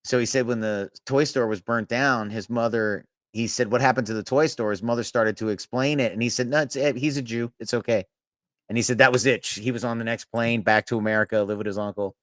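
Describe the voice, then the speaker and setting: On a podcast, a male co-host tells rambling anecdotes in a fairly quick, mid-range voice that is a bit bright with fairly even intonation, laughing and swearing often in casual chat. The sound is clean studio audio with no echo.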